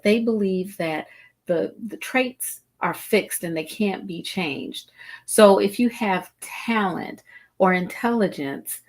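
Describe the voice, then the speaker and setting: A middle-aged woman hosting a live-streamed wellbeing talk show, speaking deliberately and repeating phrases for emphasis to her viewers. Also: medium pitch. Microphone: streaming setup, video call style.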